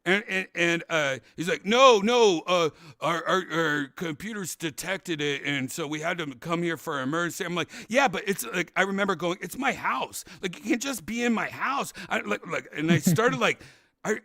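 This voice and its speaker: A man hosting a laid-back talk show, rambling through a long story and shouting out the lines he quotes. His voice sits fairly high and swings up and down a lot, with a gravelly edge. The sound is bright, close and dry. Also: normal speed, no room sound. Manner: rambling, animated, acts out quotes loudly. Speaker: podcast host. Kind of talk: casual storytelling chat.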